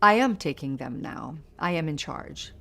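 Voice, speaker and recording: A woman's voice: low voice, expressive, moderate pace, vocal fry, a bit bright. A woman in her fifties, a native French speaker, answering in a sit-down interview as a singer, earnest and reflective, repeating phrases for emphasis. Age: 50s.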